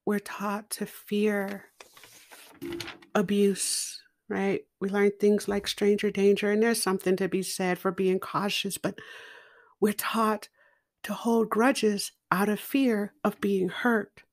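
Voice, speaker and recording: A middle-aged woman telling a personal story in a slow, deliberate and expressive way, laughing now and then. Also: medium pitch. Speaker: podcast guest speaker.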